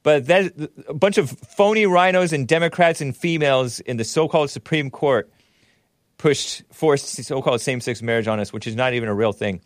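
A man's voice: mid-range voice, normal speed, dry recording, studio quality. A man hosting a show, giving sarcastic, mocking commentary on the news. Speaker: host.

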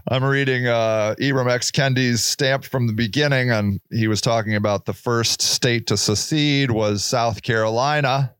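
A man's voice: fairly even intonation, moderate pace, few pauses, a bit bright, clean tone, dry recording, clean studio sound. A man hosting a podcast in a casual, rambling monologue, joking and swearing as he goes. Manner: rambling, profane, jokey, with sudden pitch jumps. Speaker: podcast host.

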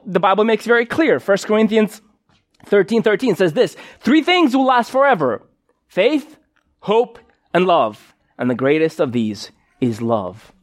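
Chatty high-voiced male preacher. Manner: casual, chatty, many fillers and restarts. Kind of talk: live sermon with personal story.

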